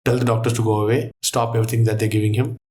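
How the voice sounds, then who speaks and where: A man voicing a commanding male mystic healer who gives brisk, dismissive orders in a near-everyday voice. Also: medium pitch, flat delivery, a little mellow, natural voice.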